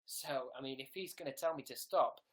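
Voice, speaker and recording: A man's voice: medium pitch, fairly quick. A man hosting a casual livestream from home on a webcam, rambling and joking at his own expense. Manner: joking, rambling, self-mocking. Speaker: livestream host.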